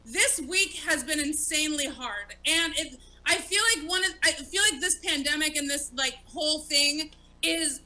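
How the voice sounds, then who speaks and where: A woman in her late thirties, a stand-up comic hosting an online talk show, chats casually on a live stream, speaking candidly and swearing plenty. Her voice is high-pitched with a sharp tone, and the audio quality is poor.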